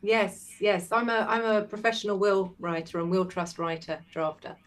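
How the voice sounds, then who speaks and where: A woman from Wales, a will writer, explaining things in a measured way as a guest on a chat. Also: medium pitch, level tone. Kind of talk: casual chat.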